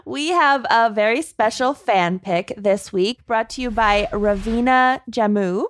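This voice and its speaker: A woman's voice: fairly high pitch, measured pace. A woman co-hosting a casual podcast chat, upbeat and giggly. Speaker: podcast co-host.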